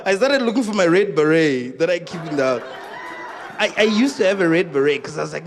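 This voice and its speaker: A man with a South African accent doing live stand-up comedy on stage, telling stories in an animated, exclamatory way. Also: high voice, brisk. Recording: long hall reverb.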